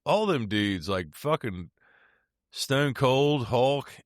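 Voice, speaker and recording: A man's voice: medium pitch, expressive, slow, no room sound, clean studio sound. A man co-hosting a podcast, chatting in a loose, rambling way and swearing freely. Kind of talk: casual chat.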